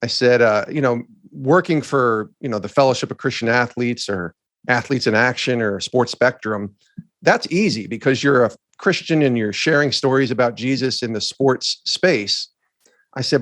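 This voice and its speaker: A middle-aged man recounts a story to his co-host with earnest, animated energy, slipping into the voices of the people he quotes. His voice sits at an ordinary middle pitch. The sound is dry and close, with no room echo. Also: normal speed. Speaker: podcast co-host. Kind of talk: storytelling in a conversation.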